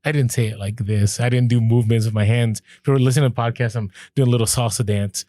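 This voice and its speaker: A man co-hosting a podcast, telling a story in casual chat, animated, laughing as he goes and acting out what people said. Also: medium pitch, fast, dry recording, studio quality. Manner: animated, laughs through stories, acts out quoted lines. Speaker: podcast co-host.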